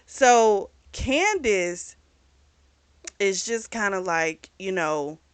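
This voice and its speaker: A woman's voice: mid-range voice, lively intonation, very slow, clear, resonant tone. Chatty woman casually recapping a novel. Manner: chatty and informal, retells scenes by briefly acting out the characters' lines; mild swearing, frequent fillers. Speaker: book club host reviewing a novel.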